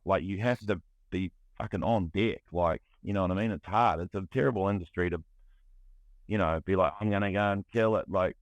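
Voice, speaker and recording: Low-voiced New man, candid. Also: dry recording. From New Zealand. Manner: candid, restless, heavy on fillers and restarts. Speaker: guest, music producer. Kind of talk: casual podcast conversation.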